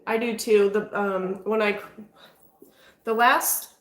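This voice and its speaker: A woman talks casually through a paranormal session inside a house. Her voice sits at an ordinary middle pitch. She trails off, restarts, and breaks off to question the spirits, and the room gives her voice a noticeable echo. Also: fairly even intonation, slow pace, a bit bright. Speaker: paranormal investigator. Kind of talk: casual talk during a ghost-hunting session.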